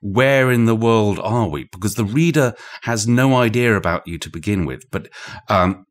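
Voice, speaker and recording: Brief: British male author, very low voice, musing guest with many restarts, talking across a room. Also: moderate pace. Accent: British English. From Britain. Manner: thoughtful, digressive, frequent restarts. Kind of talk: conversational explanation. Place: indoor room shared with the host.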